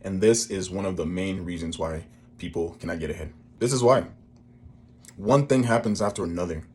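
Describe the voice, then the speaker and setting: A man giving earnest, emphatic commentary. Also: low voice.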